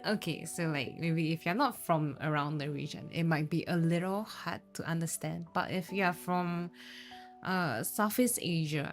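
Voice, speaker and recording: A young woman from Singapore with a Singaporean English accent, chatting casually with viewers on a live stream, laughing often and switching between English, Mandarin and Japanese. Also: low voice. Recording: faint background music.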